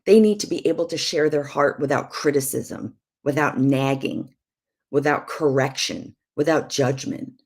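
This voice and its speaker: Woman, low voice, middle-aged, emphatic and preachy, marriage teaching. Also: a little slow. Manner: emphatic and preachy, with soft asides. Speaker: prophetess and show guest. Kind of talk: live-streamed marriage teaching.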